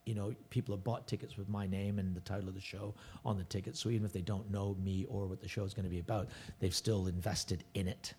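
A man's voice: low-pitched, flat delivery, fast, hardly any pauses, dark tone, husky. A middle-aged man, a touring stand-up comedian, chatting casually as a podcast guest and rambling with restarts and self-corrections.

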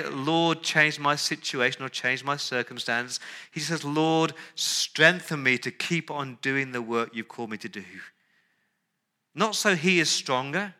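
A male pastor with a medium-pitched voice preaches an earnest sermon, dropping into soft, pleading tones whenever he voices prayers.

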